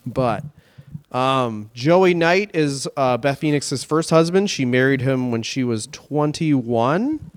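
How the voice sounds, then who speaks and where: A man's voice: mid-range voice, expressive, slow, dry recording. A man from Canada, a comedian co-hosting a podcast, telling rambling, profane anecdotes in casual chat.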